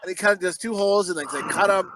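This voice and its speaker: A man's voice: high-pitched, quick pace, a bit bright, slight background noise. A middle-aged man co-hosting a podcast, rambling through profane anecdotes with laughing asides. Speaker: podcast co-host. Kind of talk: crude casual podcast banter.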